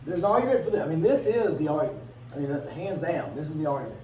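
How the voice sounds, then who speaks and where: Male teacher, chatty classroom lecture, higher-pitched voice, distant mic with faint room hiss. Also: sing-song, dark tone, echoey room. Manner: conversational, asks the class questions, acts out quick bits in funny voices.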